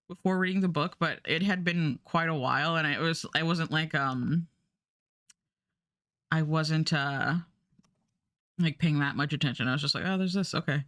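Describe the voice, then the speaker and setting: Bright, chatty streamer woman. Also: low voice, dry recording, studio quality. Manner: rambling, many fillers and restarts. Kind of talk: casual livestream chat.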